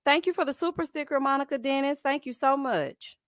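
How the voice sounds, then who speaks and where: A woman hosting a live stream, giving sassy, animated commentary and calling her viewers "honey" and "child". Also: sits high, brisk, no room sound, studio quality. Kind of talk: casual reality-show commentary.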